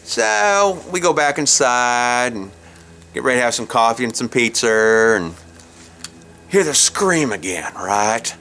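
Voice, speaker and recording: A man's voice: mid-range voice, animated, unhurried, sharp tone, slight background noise. A middle-aged man telling a comic story in a folksy way, chuckling at his own jokes, recorded outdoors at a campsite. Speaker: comedic storyteller host.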